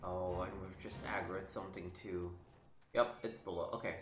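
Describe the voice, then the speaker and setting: A man's voice: low voice, steady tone, moderate pace, echoey room, over music, low-quality recording. Sarcastic man muttering over gameplay. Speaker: let's play host. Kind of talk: casual gameplay commentary.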